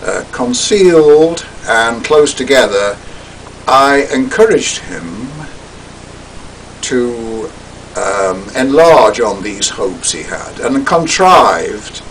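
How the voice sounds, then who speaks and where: An older man giving a talk, recounting a personal story in a theatrical, wry way that drops to hushed asides. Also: mid-range voice, lively intonation, very slow, distant mic, a little hiss or hum, low-quality recording.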